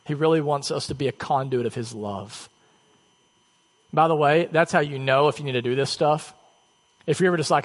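Male pastor, a touch high, casual storytelling sermon, church reverb. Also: fairly quick. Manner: conversational, self-deprecating storytelling. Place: church sanctuary.

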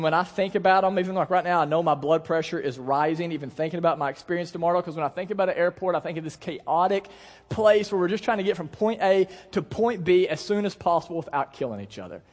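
A young man preaching a sermon to his congregation in a conversational, animated way, asking the crowd questions and telling stories. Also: high voice. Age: young adult. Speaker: pastor. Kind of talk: sermon with storytelling. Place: church hall. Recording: long hall reverb.

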